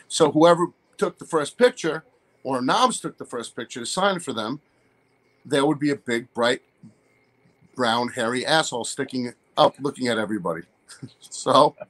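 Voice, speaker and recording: A man's voice: mid-range voice, a bit bright. A man as an interview guest, telling crude stories in a rambling way and laughing through them. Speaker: guest, wrestler. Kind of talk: casual storytelling interview.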